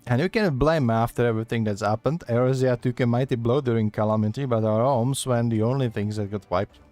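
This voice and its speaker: A man voicing a gruff, worldly male tavern keeper, reading the lines haltingly and stumbling over the dialect. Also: medium pitch, darkish tone, natural voice.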